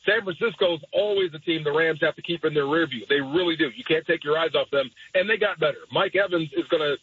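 A man's voice: fairly high pitch, a bit bright, husky, dry recording. Man giving confident football analysis. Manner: confident, measured sports analysis. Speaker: radio analyst and former player. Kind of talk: sports talk guest. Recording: dull lo-fi studio sound.

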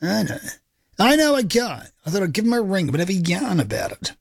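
A man's voice: high-pitched, big pitch swings, fairly quick, gravelly, breathy edge, no echo, clean studio sound. A man with a New Zealand accent hosting a sports talk radio show, upbeat, chatty and jokey. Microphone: studio microphone.

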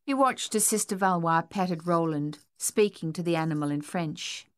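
Woman narrator, audiobook, measured, low pitch, dry recording. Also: clean tone, no echo. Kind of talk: scripted narration.

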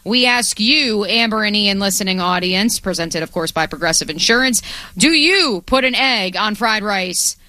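A woman's voice: medium pitch, animated, moderate pace, pushed and bright, no echo. A woman co-hosting a sports radio show in playful, teasing banter, also reading sponsor promos.

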